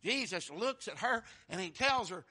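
A man, preaching a fervent sermon that keeps bursting into shouts. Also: sits high, animated, moderate pace, husky.

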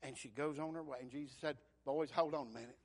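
Fervent high-voiced preacher. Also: male voice, fast. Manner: fervent preaching, surging loud then dropping soft. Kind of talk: sermon.

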